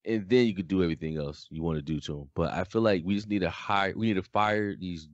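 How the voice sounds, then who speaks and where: A man co-hosting a podcast in casual chat, talking in a flat, deadpan way. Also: deep voice, quick pace, dry recording, highs cut off. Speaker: podcast co-host.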